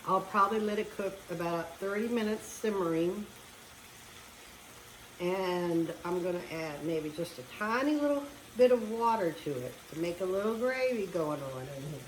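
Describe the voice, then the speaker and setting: A woman's voice: fairly low pitch, lively intonation, moderate pace, a little hiss or hum. A woman talking casually as she cooks at home, chatting her way through each step. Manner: chatty, talks while cooking. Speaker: home cook. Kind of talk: casual cooking demonstration. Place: home kitchen. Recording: echoey kitchen with frying sizzle.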